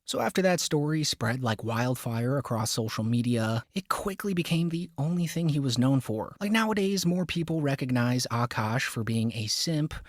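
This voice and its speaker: A man's voice: medium pitch, expressive, normal speed, hardly any pauses, no echo, studio quality. A man narrating a scripted commentary video in a mocking, sarcastic tone.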